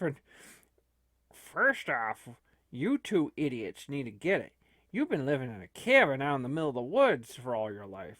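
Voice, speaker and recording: A man's voice: fairly high pitch, no echo, clean studio sound, heavily acted. A man playing a frantic old man who rambles and stammers urgently in an amateur comedy movie. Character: frantic old man fleeing strange dimension.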